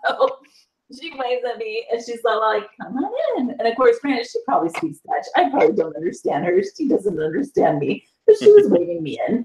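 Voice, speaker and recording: A woman from the South, a guest telling an animated story in a casual chat and laughing often. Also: on the high side, fairly quick. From US South, Panhandle area. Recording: echoey room.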